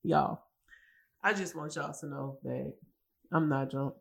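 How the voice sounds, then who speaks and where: A woman's voice: low-pitched, slow, vocal fry, slightly rough. A woman hosting her own podcast alone, tired and emotional, rambling and swearing with lots of restarts. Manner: rambling, profane, many restarts. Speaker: podcast host. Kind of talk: casual solo podcast rant.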